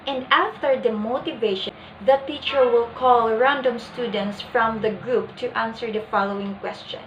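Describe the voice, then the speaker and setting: A young woman presenting a lesson plan in a deliberate, explanatory way. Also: fairly high pitch, roomy sound, lo-fi sound, slight background noise. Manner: deliberate, acts out example lines.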